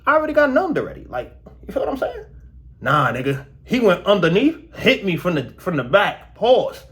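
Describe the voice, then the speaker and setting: A young man vlogging casually to his viewers about his dental work, slangy and animated, his mouth still sore. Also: high-pitched, moderate pace. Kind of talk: casual storytelling vlog.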